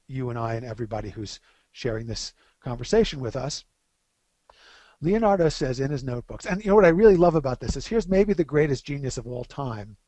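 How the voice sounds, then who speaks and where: A middle-aged man speaking as the guest expert on a webcast interview, an animated storyteller who slows down to stress key phrases. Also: medium pitch, dry recording.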